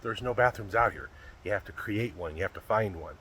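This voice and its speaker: A man's voice: fairly low pitch, a little fast, fairly bright tone, slight background noise. A middle-aged man on a wilderness backpacking trip, talking to viewers in a folksy, chatty way while walking outdoors in mountain woods. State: a little out of breath. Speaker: backpacking vlogger. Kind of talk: casual outdoor vlog narration.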